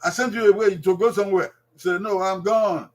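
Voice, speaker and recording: A man with a Nigerian accent giving a language lesson, repeating each word slowly and drawing it out for learners. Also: high voice, fairly even intonation. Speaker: language teacher.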